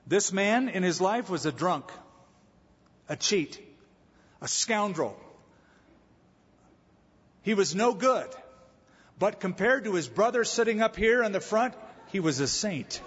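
A man's voice: high voice, animated, slow pace, pauses often, fairly bright tone, slightly rough. A man preaching a sermon as pastor, telling a humorous story before making his point. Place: church sanctuary. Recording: echoey hall, slightly dull sound.

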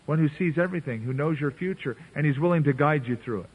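Preacher on a tinny radio broadcast. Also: male voice, mid-range voice, animated, brisk, husky. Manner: earnest, conversational preaching with playful voicing of biblical characters. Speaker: pastor. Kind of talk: sermon.

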